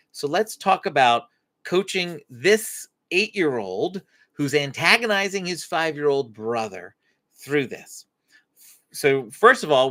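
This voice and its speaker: Lively woman coaching parents. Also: deep voice. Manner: expressive teacher, acts out parent-child dialogue. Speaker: parenting coach and live-stream host. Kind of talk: faith-based parenting Q&A talk. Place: home live stream.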